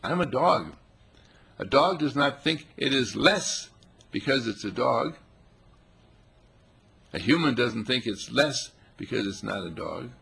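Man, spiritual teacher, gravelly and raspy, lively up-and-down pitch, playful. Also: a little slow, long pauses. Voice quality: gravelly, husky. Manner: playful, animated, voicing animals and quotes. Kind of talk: spiritual talk.

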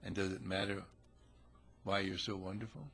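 A man with a gravelly, husky voice telling a folksy, chatty parable to listeners. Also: low voice, level tone, normal speed, fairly bright tone, slight background noise. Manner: folksy, chatty, acts out characters. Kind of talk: conversational storytelling talk.

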